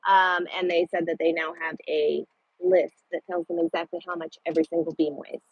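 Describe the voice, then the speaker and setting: A woman truck driver chatting casually with her livestream viewers, blunt and quick to swear. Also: lowish voice, level tone, creaky, highs cut off.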